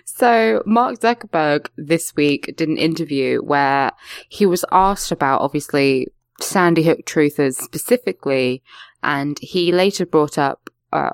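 A woman's voice: deep voice, no echo, clean studio sound. A woman hosting a casual comedy podcast, often laughing and steering the talk back on topic. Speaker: podcast host.

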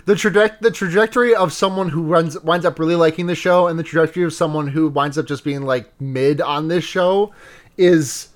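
A man's voice: fairly high pitch, moderate pace. A man co-hosting a podcast, recapping an anime episode in a rambling, casual way, full of fillers and swearing. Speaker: podcast co-host.

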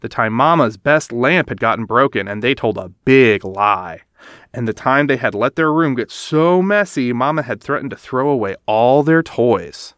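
Male storybook narrator: animated, expressive, lively pitch, dry sound. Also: normal speed, no room sound. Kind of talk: children's storybook read-aloud.

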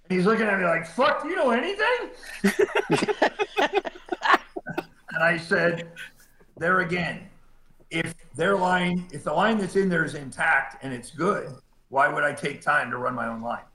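Bright-voiced man telling a rescue story. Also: a little high, normal speed, echoey room, rough recording. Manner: laid-back storyteller, acts out quotes, laughs at himself. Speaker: cave rescue diver. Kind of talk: storytelling in a casual interview.

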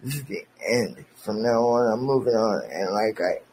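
Angry, profane podcast host ranting. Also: male voice, lowish voice, moderate pace, darkish tone, slight background noise, low-quality recording. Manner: confrontational, profane, sarcastic. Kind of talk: angry on-air rant.

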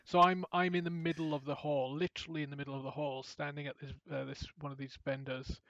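Male podcast co-host, lively storyteller, slightly high voice, dry dull lo-fi sound. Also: fast talker, no echo. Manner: animated storyteller, acts out quotes. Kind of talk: casual chat.

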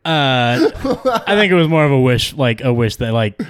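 A man co-hosting a podcast, building absurd bits in a deadpan way during casual banter. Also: medium pitch, moderate pace, smooth. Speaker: podcast co-host.

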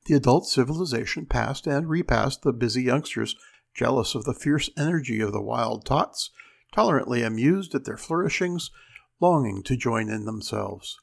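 A man hosting a reading show, introducing pieces and reading a story aloud with expressive delivery. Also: mid-range voice, moderate pace, creaky. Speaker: host and reader.

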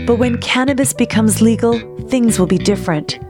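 A woman's voice: fairly high pitch, normal speed, few pauses. A woman narrating a mock public service announcement in an earnest, mock-serious way. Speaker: PSA narrator. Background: guitar music.

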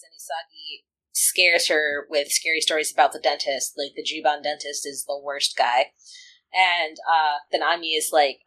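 A woman co-hosts a podcast recapping an anime, her low voice bright and forceful on a low-quality recording. She chats casually, peppering her speech with "like" and laughing frequently.

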